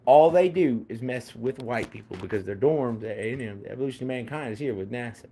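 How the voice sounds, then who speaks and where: A man's voice: medium pitch, fast talker, mellow. A man talking in a rambling casual monologue, full of fillers, restarts and repeated phrases.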